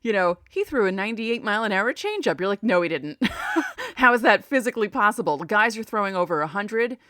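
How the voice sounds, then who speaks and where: A woman guest on a casual sports podcast, chatty and quick to laugh. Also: mid-range voice, sing-song, a bit bright, no echo, studio quality.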